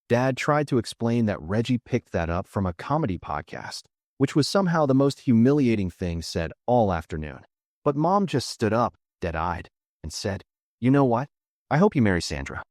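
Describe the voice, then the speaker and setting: A man's voice: fairly low pitch, a little mellow, no echo. A young man narrating a scripted comic story in a dry, sarcastic way.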